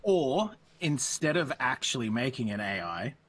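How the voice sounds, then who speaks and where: A man's voice: medium pitch, sing-song, a little slow, a bit bright. A man chatting casually as a co-streamer, joking and laid-back. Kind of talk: casual chat.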